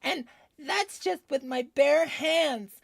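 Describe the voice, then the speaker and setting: A man putting on the voice of a furious young woman who rants vulgar threats with heavy vocal fry. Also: very high voice, slow, no echo, pitched above the performer's own voice, exaggerated voice.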